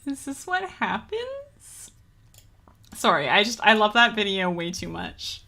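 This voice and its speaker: Bright chatty Canadian woman streamer. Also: mid-range voice, huge pitch swings, a little slow, creaky. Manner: chatty, rambling, laughs easily, many fillers. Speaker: game streamer. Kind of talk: casual gaming stream chat.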